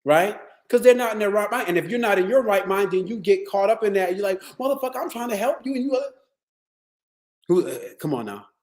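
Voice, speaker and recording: A man with a fairly high voice gives a motivational wellness talk. He tells stories in an animated, streetwise way, with plenty of swearing. His voice rings around a roomy, echoey space. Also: a little fast. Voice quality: streetwise, profane, animated storytelling. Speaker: wellness speaker. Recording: echoey room.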